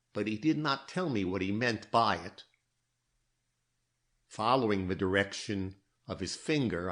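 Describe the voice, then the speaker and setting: A fairly low-voiced man reads a scripted audiobook, telling the story in a measured, even manner.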